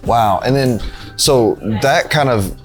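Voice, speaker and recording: A man's voice: medium pitch, takes it slowly, soft background music. A man hosting an interview, chatting enthusiastically with his guest inside a restaurant. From Newport, Tennessee. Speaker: show host. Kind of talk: conversational interview.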